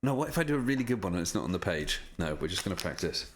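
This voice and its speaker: A man's voice: sits low, big pitch swings, very fast. A man chatting casually on a live stream while signing prints, self-deprecating and swearing often.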